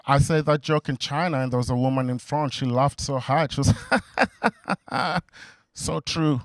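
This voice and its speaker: A young man doing a stand-up comedy set, halting and full of fillers, on a stage mic in front of a live audience. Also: mid-range voice, fairly even intonation, no room sound, studio quality. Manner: halting, with many fillers and restarts. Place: comedy venue before a laughing crowd.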